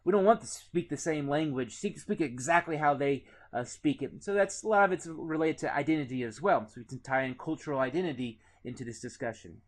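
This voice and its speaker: Man lecturing, higher-pitched voice. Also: a little fast, hardly any pauses. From Indiana. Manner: relaxed, lots of "uh" fillers, conversational. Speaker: teacher. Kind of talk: recorded classroom lecture.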